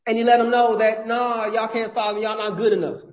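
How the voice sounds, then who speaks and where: A man's voice: sits high, flat delivery, fairly quick. A male pastor preaching a sermon in a conversational, folksy way, with frequent restarts. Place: church. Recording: dull lo-fi church audio.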